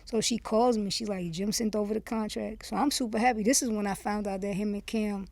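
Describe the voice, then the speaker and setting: Candid woman from Miami, mellow and dry. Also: medium pitch, brisk, no room sound. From Miami, USA. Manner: candid and animated, acts out quoted dialogue, lots of "you see what I'm saying". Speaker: podcast guest, former rapper. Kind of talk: casual storytelling in an interview.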